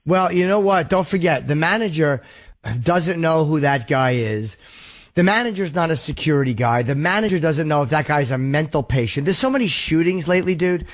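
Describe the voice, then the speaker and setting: A man hosting a call-in show, talking quickly in a slightly high voice. He gives callers blunt, profane and reassuring advice. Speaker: podcast host taking calls.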